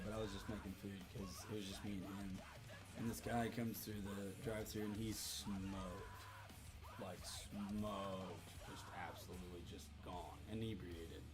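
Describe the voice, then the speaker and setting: A man in his thirties hosting a livestream, telling a story in a loose, profane, animated way. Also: on the low side. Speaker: livestream host. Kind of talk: casual storytelling to a live chat.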